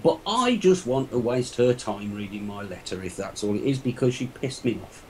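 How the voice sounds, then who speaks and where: A man of ordinary pitch vents in a blunt, indignant rant on a live panel chat. Faint background hiss sits under his voice. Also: lively intonation, normal speed, darkish tone, poor audio. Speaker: panel guest.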